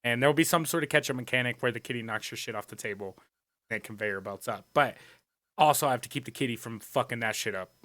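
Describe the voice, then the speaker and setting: A man's voice: mid-range voice, quick pace, pushed and bright, dry recording. A young man co-hosting a podcast, talking in a loose, joking way with a lot of swearing and laughter. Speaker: podcast co-host. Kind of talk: casual chat.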